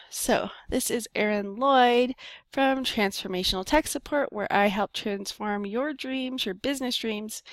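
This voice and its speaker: A woman's voice: medium pitch, fairly bright tone, no echo. A woman business coach talking on her own show in a playful, rambling, self-deprecating way. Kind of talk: casual solo podcast monologue.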